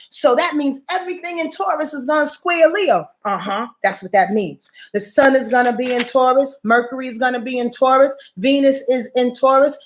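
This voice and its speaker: A woman, giving a casual astrology rundown in an emphatic, profane, preachy way that repeats phrases. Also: high-pitched. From New York.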